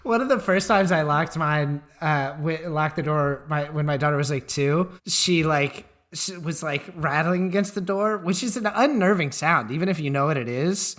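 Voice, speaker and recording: A man's voice: on the high side, normal speed, few pauses, a bit bright. A man co-hosting a podcast, chatting casually in a wry way and laughing often. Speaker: podcast co-host. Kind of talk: casual chat.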